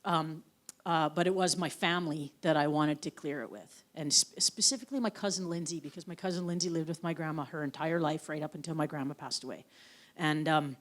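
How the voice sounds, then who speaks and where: Frank, storytelling author from the Yukon. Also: female voice, low-pitched, fairly quick. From Yukon, Canada. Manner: anecdotal storyteller, frank and profane. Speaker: author guest. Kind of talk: onstage conversation. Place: live event on stage.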